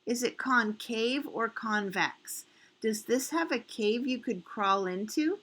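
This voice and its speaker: Slow, patient woman teacher. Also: fairly high pitch, animated, fairly bright tone. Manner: slow, patient questioning, repeating each question. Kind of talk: recorded math lesson for children.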